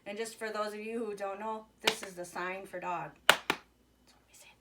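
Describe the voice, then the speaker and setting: A woman's voice: mid-range voice, moderate pace, long pauses. A woman teaching a virtual preschool lesson, talking to young children in an encouraging, sing-song way and singing along.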